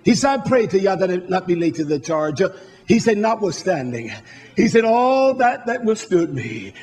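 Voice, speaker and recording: Fervent high-pitched male preacher. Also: very animated, moderate pace. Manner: fervent, rising to shouts, blunt and cursing. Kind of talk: sermon.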